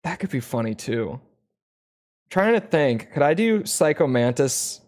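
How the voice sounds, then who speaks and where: Streamer, man, strained throat, slow rambling talk, lively pitch. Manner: rambling, self-mocking, laughs often. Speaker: gaming streamer. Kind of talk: casual commentary while playing.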